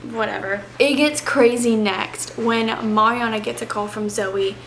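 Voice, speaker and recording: A chatty woman with a fairly high voice, recapping a book for her vlog at home. She sounds excited, dropping now and then into breathy whispers. The sound is roomy and echoey, with a faint hiss behind her. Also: unhurried. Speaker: book vlogger. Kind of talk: casual reading vlog chat. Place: home reading nook, indoors. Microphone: camera on a tripod. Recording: roomy echo with faint background noise.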